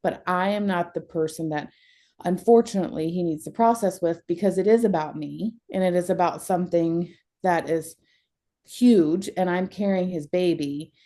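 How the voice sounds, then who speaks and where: A woman's voice: on the low side, normal speed, warm tone. A young adult woman talking candidly as a counseling client, emotional and blunt, often breaking into laughter.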